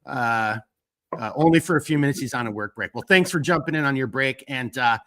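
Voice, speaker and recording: A man hosting a live stream, chatting casually and rambling through fillers while reading out viewer shout-outs. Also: mid-range voice, brisk. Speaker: host of a live stream talk show.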